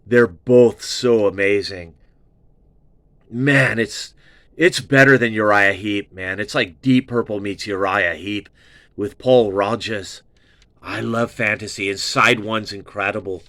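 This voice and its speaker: A man giving a casual album review in a slow, unhurried drawl, gushing with praise and dropping swear words. He circles back to the same words again and again. His voice is dry and close. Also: on the low side, fairly bright tone, dry recording. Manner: gushing, profane, repeats himself. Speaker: music reviewer, show host.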